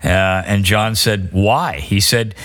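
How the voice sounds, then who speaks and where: A man's voice: lowish voice, fairly even intonation, slow, a bit bright. A man hosting a podcast, chatting casually about music and laughing easily as he tells anecdotes. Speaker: podcast host.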